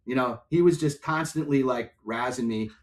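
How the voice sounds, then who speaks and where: An older man, a music and software executive, telling stories as a podcast guest and acting out other people's voices. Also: mid-range voice, normal speed. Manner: animated storyteller, acts out voices in anecdotes. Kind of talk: storytelling in a podcast interview.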